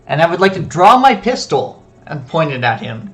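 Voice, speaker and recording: A man's voice: a little high, big pitch swings, normal speed, few pauses, fairly bright tone. A man playing in a tabletop game, describing his character's actions hesitantly and hedging with many "sort of" fillers. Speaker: player.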